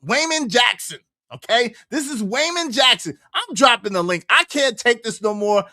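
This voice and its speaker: A man hosting a casual reaction livestream, loud and slangy, laughing often. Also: extremely high pitch, expressive, normal speed, no echo, studio quality. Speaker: livestream commentary host.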